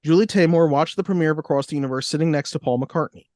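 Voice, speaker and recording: A man's voice: on the high side, quick pace, mellow, dry recording. A man co-hosting a podcast, reading out facts and adding dry jokey asides. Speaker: podcast co-host. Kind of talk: casual chat, reading facts.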